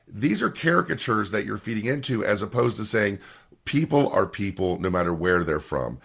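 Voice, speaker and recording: Gravelly, husky low-voiced man. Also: a bit bright. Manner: hesitant, pushes back with restarts. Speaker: podcast co-host. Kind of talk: casual debate.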